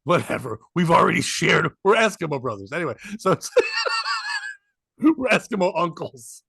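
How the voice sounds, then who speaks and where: A man's voice: on the high side, normal speed, creaky, slightly rough, no echo, clean studio sound. A man telling comedy stories on a podcast, laughing often and acting out what people said. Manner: animated, laughs often, acts out quotes. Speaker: comedian guest. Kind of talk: casual podcast storytelling.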